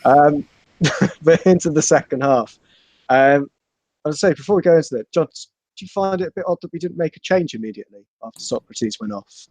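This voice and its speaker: A man's voice: fairly high pitch, expressive, brisk, a little mellow, no echo. A man with a Bristol accent hosting a live football podcast, joking and reading out viewer donations. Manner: jokey, reads out viewer donations. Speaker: podcast host.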